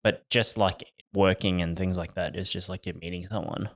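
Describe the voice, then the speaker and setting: A man's voice: low-pitched, steady tone, normal speed, a bit bright. A young man co-hosting a casual podcast, teasing his co-host and swearing freely.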